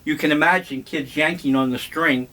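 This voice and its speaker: An older man vlogging, telling memories in a slow, wry, meandering way. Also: fairly high pitch, steady tone, pushed and bright. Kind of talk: casual reminiscing monologue.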